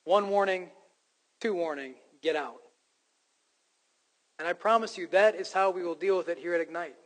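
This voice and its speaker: Man, pastor preaching a sermon, emphatic with wry self-deprecating asides, fairly high voice, long church reverb. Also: normal speed. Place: church sanctuary.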